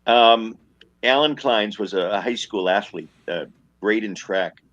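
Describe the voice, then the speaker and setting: A man reminiscing at home in his recliner, talking haltingly with many fillers, heard over a dull lo-fi remote line. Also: fairly low pitch, a bit bright, no room sound. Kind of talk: casual chat, reminiscing.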